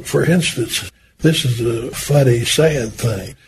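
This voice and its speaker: A man's voice: mid-range voice, slow pace, background noise. An older man in an oral history interview, telling folksy anecdotes about a former boss and acting out the dialogue as he goes.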